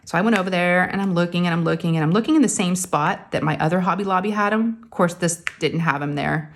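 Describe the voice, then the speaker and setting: A woman, chatting casually to her viewers. Her voice sits a little low. She tells stories and jumps into high voices for the people she quotes. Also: quick pace. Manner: chatty storytelling, acts out quoted family members in a high voice. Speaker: craft vlogger.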